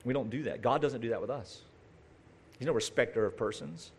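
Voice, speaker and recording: A man's voice: medium pitch, brisk, husky. A man preaching a conversational sermon, talking straight to his listeners with asides and rhetorical questions.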